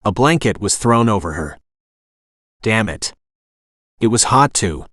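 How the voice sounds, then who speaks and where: Lively synthetic male audiobook narrator. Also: fairly low pitch, measured pace, no room sound, clean studio sound. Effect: text-to-speech voice. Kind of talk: scripted narration.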